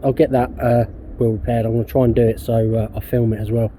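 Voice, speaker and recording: A man's voice: medium pitch, little pitch movement, quick pace, warm tone, slight background noise. An English man vlogging casually while working on his van outdoors, rambling and swearing often in a laid-back way. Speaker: DIY van customizer vlogger.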